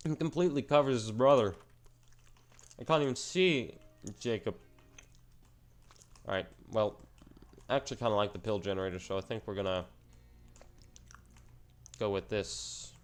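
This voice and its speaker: A man's voice: on the low side, moderate pace, long pauses. A man giving casual, rambling commentary over his own gameplay, self-mocking and slangy as he plays. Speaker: gaming channel host.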